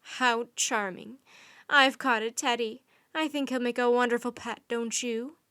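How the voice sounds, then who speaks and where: Woman doing a sneering raspy Raven King. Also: a little high, steady tone, a little slow, sharp tone, no room sound. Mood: mocking.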